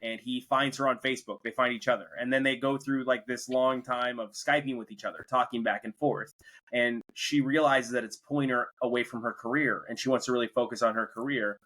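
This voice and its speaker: Bright-voiced man rambling through a movie review. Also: medium pitch, fairly even intonation, fairly quick, rough recording. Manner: rambling retelling of a film plot. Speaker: podcast host. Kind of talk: casual movie review chat.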